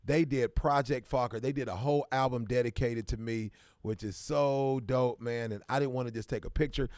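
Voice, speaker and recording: A man's voice: mid-range voice, steady tone, normal speed, a little mellow, no echo, clean studio sound. A man from Kansas City, hosting a casual livestream and greeting viewers by name in bursts of hype. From Kansas City, American Midwest. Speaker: livestream host.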